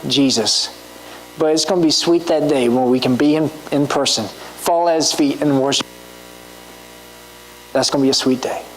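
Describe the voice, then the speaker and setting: A woman's voice: low voice, slight background noise, poor audio. A woman preaching a sermon in a church, earnest and asking rhetorical questions.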